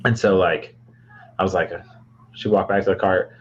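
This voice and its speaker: Low-voiced young man telling a rambling story. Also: steady tone, normal speed, muffled recording, slight background noise. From Michigan, US. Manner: rambling, many fillers and restarts. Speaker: podcast co-host. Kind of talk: casual storytelling chat.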